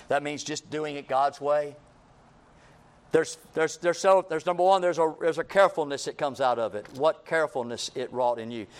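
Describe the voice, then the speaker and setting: A man pastor preaching a sermon, jumping between loud, high outbursts and quiet, low asides, acting out the voices of people he quotes. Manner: acts out quoted voices of sinners.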